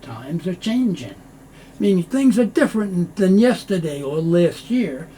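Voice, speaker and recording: A man teaching English pronunciation, explaining slowly and repeating phrases to show how they sound. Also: high-pitched, sing-song, mellow, a little hiss or hum. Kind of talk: pronunciation lesson.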